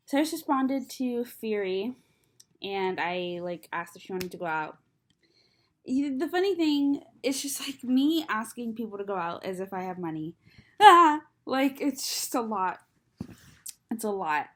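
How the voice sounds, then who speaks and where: A woman's voice: medium pitch, animated, normal speed. A young adult woman chatting casually to camera, rambling and self-deprecating, with a slight lisp from braces. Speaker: vlogger.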